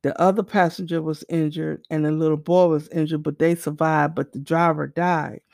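A middle-aged woman telling a personal testimony story, animated, acting out the dialogue as she goes. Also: sits low, normal speed, vocal fry, dry recording, clean studio sound.

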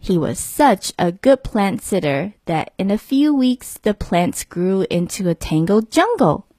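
A woman teacher reading a bilingual picture book aloud slowly, clear, measured and expressive for young learners. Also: mid-range voice, no room sound. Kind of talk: slow storybook read-aloud.

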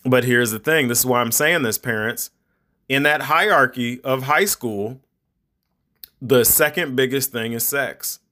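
A man's voice: medium pitch, a little slow, sharp tone. A middle-aged man hosting a podcast, giving rambling, conversational advice to parents in a preachy tone. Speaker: podcast host. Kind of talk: casual monologue podcast.

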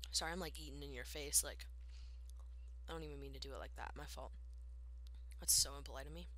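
A teenage girl, a high school senior, hosting a podcast in slangy, rambling casual chat. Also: fairly even intonation, fast talker, long pauses, fairly bright tone. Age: teens. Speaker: podcast host.

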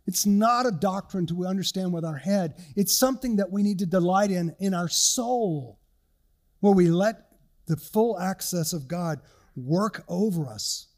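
A man's voice: high voice, a little slow, darkish tone. An older male pastor delivering an earnest, conversational sermon with personal stories.

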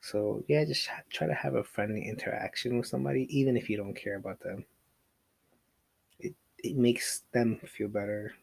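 A man's voice: on the low side, normal speed, vocal fry, a little mellow, slightly rough, no room sound. A man hosting a casual solo podcast, rambling with lots of fillers, restarts and casual swearing. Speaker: podcast host.

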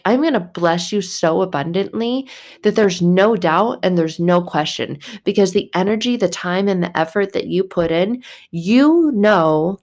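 A young woman giving a heartfelt devotional talk. She is animated and jumps into little acted-out voices as she tells her story. Her voice sits somewhat low for a woman. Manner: animated, acts out God's and her own voices.

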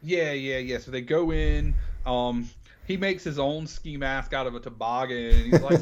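A man's voice: mid-range voice, normal speed, lo-fi sound. A man co-hosting a casual film podcast, retelling scenes and acting out lines. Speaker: podcast co-host.

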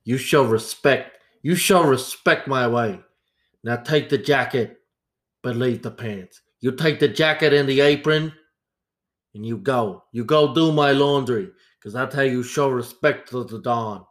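A man putting on an aging mafia boss who gives slow, deliberate commands in a menacing voice. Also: medium pitch, close to an everyday voice. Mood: commanding.

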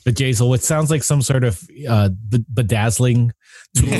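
A man in mid pitch hosts a relaxed podcast chat, animated and quick to laugh as he acts out his reactions. The sound is dry and close, with no room around it. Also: no room sound. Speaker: podcast host. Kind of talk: casual chat.

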